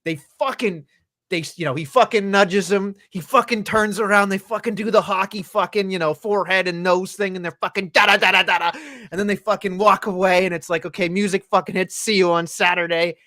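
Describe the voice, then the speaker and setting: A man's voice: high-pitched, a little fast. A man co-hosting a wrestling podcast in casual, profane chat, often acting out what others said. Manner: profane, animated, acts out quotes. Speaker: podcast co-host.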